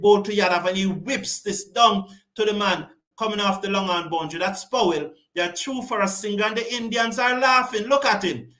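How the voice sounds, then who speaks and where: A man's voice: sits high, a bit bright. A man from the West Indies, hosting live online cricket commentary, passionate and repeating points for emphasis while answering viewer comments.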